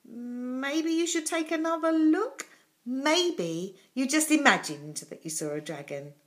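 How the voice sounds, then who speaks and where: A woman's voice: high-pitched, lively intonation, takes it slowly, voice pushed up. A woman voicing a kindly male schoolteacher in a children's storybook reading, speaking in a soothing, patient way. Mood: gentle.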